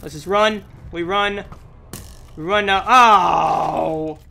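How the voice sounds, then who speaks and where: Young guy playing a game, kinda sick w a sore throat, high bouncy voice, slow talker who yells at stuff. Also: gravelly. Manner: excitable, exclamatory, talks to the game. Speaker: gameplay commentator. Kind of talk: let's play commentary.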